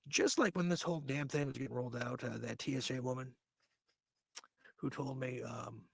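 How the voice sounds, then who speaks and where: A man hosting a late-night podcast, delivering a ranting, sarcastic monologue full of halting fillers. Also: medium pitch, vocal fry, husky, dry recording. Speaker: podcast host.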